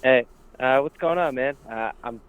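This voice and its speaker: A man's voice: mid-range voice, normal speed, slight background noise. A male caller chatting in an easygoing way on a live sports show. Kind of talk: casual call-in chat. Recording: tinny phone line.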